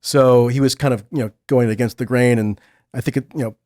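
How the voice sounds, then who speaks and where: A man's voice: medium pitch, fairly even intonation, darkish tone. A man speaking as a guest on a casual panel discussion, blunt and sardonic. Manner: blunt, sardonic, rapid talker. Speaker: podcast guest.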